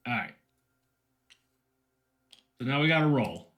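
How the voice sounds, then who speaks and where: A man in a casual co-op board game playthrough, talking in halting restarts and playing along with jokes. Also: mid-range voice, big pitch swings, fairly bright tone.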